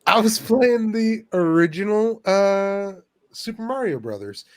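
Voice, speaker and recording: A man with a high-pitched, expressive voice talks unhurriedly as a guest streamer on a casual podcast chat. His storytelling rambles, interrupting itself with lots of restarts.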